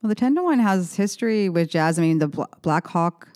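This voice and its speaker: Woman musician guest, low voice, rambling casual chat, dry close sound. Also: lively intonation, brisk, a little mellow, clear, resonant tone, no room sound. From San Francisco Bay Area. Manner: rambling, self-correcting, laughs easily.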